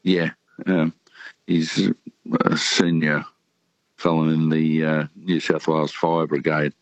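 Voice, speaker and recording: A man in his sixties with an Australian accent, calling in to a radio show and talking relaxed and rambling, with many pauses. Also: very deep voice, no echo. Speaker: caller. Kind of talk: casual phone chat. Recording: dull phone-in line.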